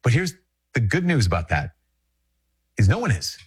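A Catholic priest from Minnesota giving a conversational, emphatic reflection, repeating phrases and chuckling often. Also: male voice, mid-range voice, sing-song, normal speed, slightly rough. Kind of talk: spoken reflection to an audience.

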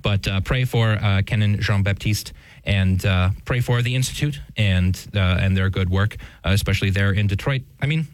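Speaking at a moderate pace in a lowish voice, this male podcast co-host chats casually about the news. The recording is close, roughly captured, and without room sound, and he keeps chuckling, restarting, and using fillers.

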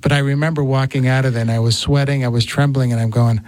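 A man's voice: mid-range voice, fast talker. Storytelling man, radio host. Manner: storytelling, animated. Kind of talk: casual chat.

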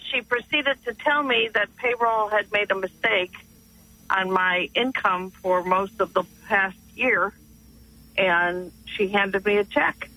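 A woman calling in to a radio show by phone, animated as she tells a personal story. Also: medium pitch, slow, rough recording. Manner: animated, quotes others, laughs as she tells it. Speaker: caller. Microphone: phone call.

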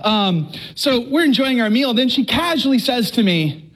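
A middle-aged man from Texas giving an earnest, animated personal testimony to a live audience, stammering and repeating himself. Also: extremely high pitch, moderate pace. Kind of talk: storytelling talk to a live audience.

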